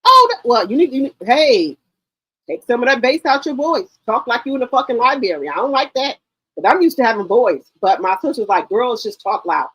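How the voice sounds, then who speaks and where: A woman's voice: a little high, lively intonation, a little fast, breathy edge, no echo, low-quality recording. A woman hosting a gossip channel in casual livestream commentary, talking straight to her viewers with heavy swearing.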